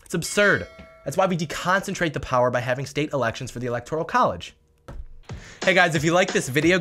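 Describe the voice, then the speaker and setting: Fast-talking sarcastic male commentator. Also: a little high, expressive, over music. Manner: sarcastic, mocking. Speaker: political commentary host. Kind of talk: opinion vlog rant.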